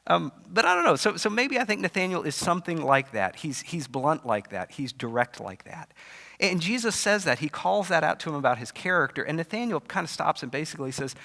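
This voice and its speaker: Animated male pastor in echoey hall. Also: on the high side, brisk, creaky. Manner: animated storytelling with casual asides. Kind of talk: conversational sermon. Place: church sanctuary. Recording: long church-hall reverb.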